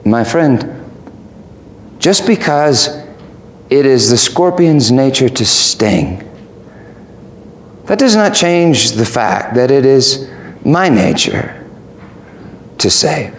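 A man voicing a gentle old holy man who speaks calmly and softly. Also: mid-range voice, takes it slowly, pauses often, slight background noise, pitched below the performer's own voice. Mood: serene. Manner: calm, soft-spoken. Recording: echoey room with faint ambience.

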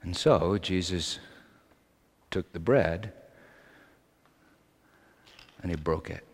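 A man preaching a sermon, moving between hushed, quiet passages and impassioned, raised delivery. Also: deep voice, very slow, breathy edge, long reverb tail. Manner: impassioned, swings from hushed to shouting.

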